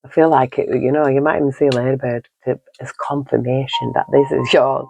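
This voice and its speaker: A man's voice: medium pitch, little pitch movement, fairly quick, vocal fry, darkish tone, faint music behind, low-quality recording. Rambling man reading tarot. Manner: rambling and repetitive, leaning on "you know"; earnest and encouraging. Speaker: tarot reader.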